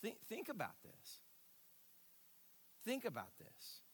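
A man pastor preaching a sermon in a church sanctuary, with emphatic bursts and hushed asides. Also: high-pitched, huge pitch swings, slow, husky. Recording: reverberant hall.

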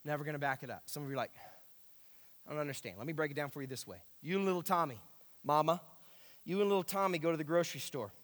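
A man preaching a sermon as pastor, emphatic and animated, repeating key phrases. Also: a little high, very fast. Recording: echoey hall.

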